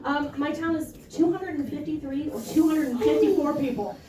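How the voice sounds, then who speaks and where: A young woman performing a stand-up comedy set in a club, with a deadpan, self-deprecating way of telling stories. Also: high voice, normal speed. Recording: roomy club sound from a distance, with crowd noise.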